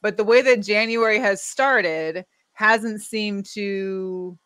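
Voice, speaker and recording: A woman's voice: mid-range voice, fairly even intonation, slow pace, a bit bright, clean tone, no echo. Giggly woman co-hosting a sports chat. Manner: laughs often, trailing hedges. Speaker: podcast co-host.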